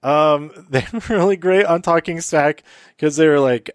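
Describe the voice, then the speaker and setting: A man's voice: fairly high pitch, normal speed, no echo, studio quality. A man hosting a casual solo recap, rambling with many fillers and laughing at his own jokes. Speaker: podcast host recapping wrestling.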